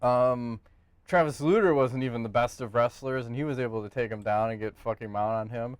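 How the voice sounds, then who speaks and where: Smooth-voiced man in profane fight talk. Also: mid-range voice, a little fast, no room sound. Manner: profane, animated, breaks into joking bits. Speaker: podcast co-host. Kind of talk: casual sports chat.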